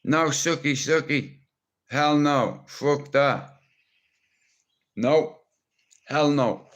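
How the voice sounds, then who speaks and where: This Irish streamer's voice is on the high side and a bit bright, and he speaks extremely slowly. He rambles along bluntly, teasing and cursing freely.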